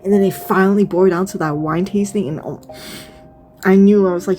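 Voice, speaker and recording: A young woman streamer reacting to a game, gushing, swearing and tripping over her own words. Her voice sits at an ordinary middle pitch. Soft music plays faintly behind her. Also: fairly quick. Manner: gushing, swearing, frequent laughs. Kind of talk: excited reaction commentary.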